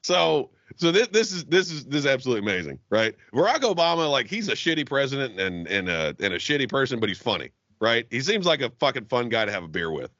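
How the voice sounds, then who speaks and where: A man co-hosting a podcast in casual chat, animated and profane, laughing often. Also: medium pitch, fast, few pauses, dry recording, lo-fi sound. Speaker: podcast co-host.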